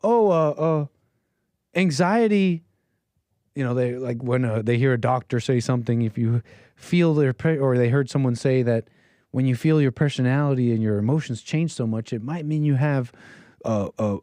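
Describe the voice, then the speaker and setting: A man's voice: medium pitch, moderate pace, warm tone, no room sound. A man hosting a call-in show, giving casual, mocking, incredulous commentary as he reacts to text he reads aloud. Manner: incredulous and mocking, with frequent chuckles.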